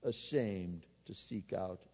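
Animated pastor preaching in an echoing hall. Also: male voice, deep voice, slow, husky. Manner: animated, swings between loud exhortation and quiet asides. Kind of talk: sermon. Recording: muffled, with long hall reverb.

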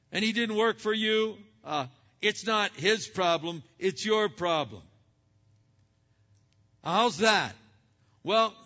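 A male preacher delivering an emphatic sermon, swinging from loud exhortation to hushed asides. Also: high voice. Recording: dull sound with long hall reverb.

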